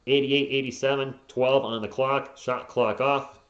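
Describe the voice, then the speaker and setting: A man giving live play-by-play as a fan streamer, openly partisan and bursting into frustrated yelling at the players. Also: mid-range voice, level tone, measured pace. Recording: echoey, dull lo-fi home mic.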